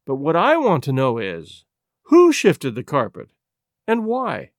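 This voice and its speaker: A man's voice: a little high, wildly swooping pitch, a little slow, no echo, studio quality, heavily acted. A man reading a story aloud and voicing a brash, self-satisfied police inspector who lectures and boasts. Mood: smug. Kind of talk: audiobook reading.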